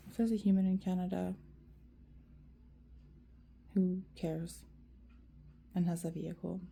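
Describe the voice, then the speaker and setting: A woman with a gravelly, fry-laden voice pours out a rambling, profane rant to her viewers. Her tone is very dark and mellow, and the pitch sits fairly low. She talks loosely, with many fillers. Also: flat delivery, measured pace, a little hiss or hum. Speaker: vlogger. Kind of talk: emotional rant to camera.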